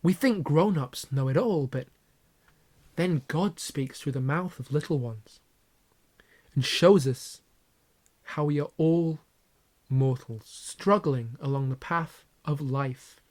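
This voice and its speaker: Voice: medium pitch, slow, long pauses, darkish tone. A YouTuber giving a comedic reading of fanfiction, with mock-dramatic narration and sarcastic asides.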